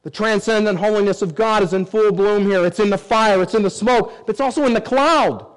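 A man preaching a sermon, reading scripture aloud and swinging between emphatic rises and low, quiet drops. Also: fairly quick, smooth, poor audio. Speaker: pastor.

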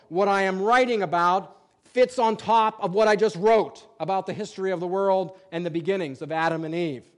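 A high-pitched male pastor preaches a sermon from a church pulpit. He reads scripture aloud and drives home emphatic points using plain examples.

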